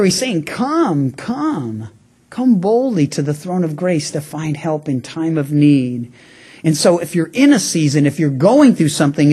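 A man's voice: high voice, a little mellow, slightly rough. A man preaching a radio sermon, talking through his point in a conversational way, with frequent restarts and stammers. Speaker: pastor.

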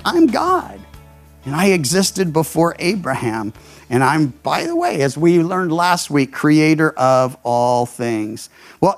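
An older man, a pastor, preaching a radio sermon and telling stories, jumping into higher voices when he quotes people. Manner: animated storyteller, voices quotes with leaps in pitch.

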